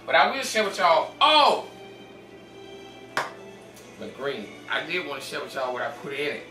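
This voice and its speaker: Over music, a home cook and channel host speaks quickly in a mid-range voice with lively intonation. Tired, he runs a laid-back cooking demonstration in his kitchen at home and calls his viewers "y'all" in a folksy way. The sound is distant and echoey, with a noisy background.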